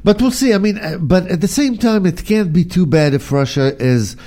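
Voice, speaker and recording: Male co-host, casual chat, rambling delivery, fillers, slightly raised pitch. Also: lively intonation, moderate pace, mellow. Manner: rambling, many fillers and restarts. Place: near Burbank, California.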